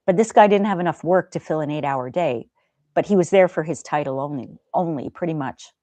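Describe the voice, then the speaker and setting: A middle-aged woman hosts a casual live-stream chat, gentle and talkative, reading out viewer comments as she goes. Her voice sits a little low. The sound is dry and close. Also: a little fast, no echo. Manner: gentle, chatty, reads viewer comments aloud.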